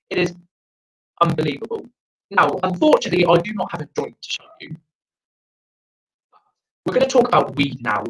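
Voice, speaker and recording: Young South African-born comic over a video call, sweary ranting delivery, pitch leaping all over. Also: male voice, big pitch swings, moderate pace, long pauses, a bit bright, rough recording. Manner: profane, rambling, ranting. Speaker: stand-up comedian. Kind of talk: online open-mic stand-up. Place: friend's house, indoors.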